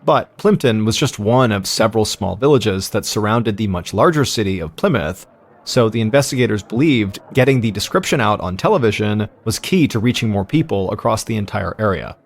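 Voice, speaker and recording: An American man in his thirties calmly narrating a true-crime story as podcast host, in a measured way. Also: on the low side.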